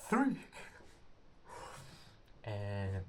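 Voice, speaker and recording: His voice sits fairly low but swoops wildly in pitch as the young English-speaking man rambles through a casual story. He halts, searches for words, and performs quotes loudly, with slight background noise behind him.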